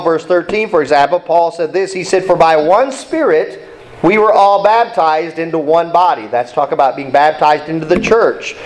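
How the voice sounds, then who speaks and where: A man's voice: high-pitched, poor audio. A male pastor preaching an emphatic sermon, repeating key points and asking the congregation to read along.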